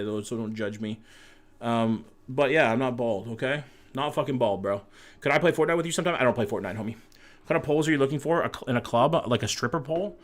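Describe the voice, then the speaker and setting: A man streaming a map-guessing game in casual chat, reading viewer messages aloud, joking and swearing freely, with bursts of excited hype between calmer guessing. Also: medium pitch.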